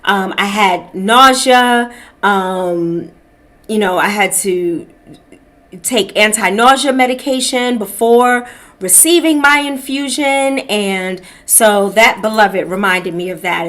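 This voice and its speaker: A middle-aged woman hosting a podcast, telling a personal story in a slow, reflective way and calling her listeners beloved. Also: mid-range voice, a bit bright. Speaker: podcast host. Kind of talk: personal testimony, casual talk.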